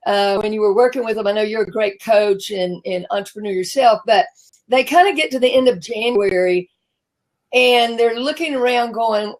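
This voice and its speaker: Woman, sixties, Southern American accent, talk show host, chatty, self-deprecating, restarts often, somewhat high voice. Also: normal speed, poor audio. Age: 60s. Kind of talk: live-stream talk show chat.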